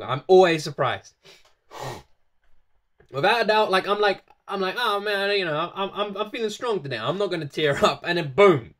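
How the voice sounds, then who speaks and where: This voice belongs to a video host reacting to a music performance, talking straight to the camera in an easy, unscripted way. The speaker is effusive and says the same phrases over and over, with frequent bursts of laughter. The voice sits in a middle pitch range. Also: fairly bright tone. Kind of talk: casual reaction vlog talk to camera.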